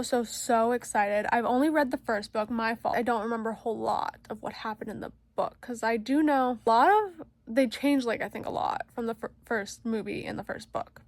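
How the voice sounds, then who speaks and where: A woman chatting casually in a book vlog, gushing and excitable, repeating words for emphasis and slowly sounding out unfamiliar names. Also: a little high, dry recording. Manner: sounds out fantasy names slowly, stumbling and laughing. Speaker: book vlogger.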